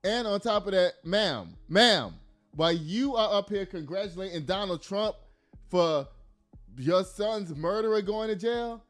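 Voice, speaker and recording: Emphatic high-voiced man ranting. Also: animated, a little slow, fairly bright tone, soft background music. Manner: emphatic, blunt, profane, laughs at own jokes. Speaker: commentary host. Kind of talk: casual political commentary.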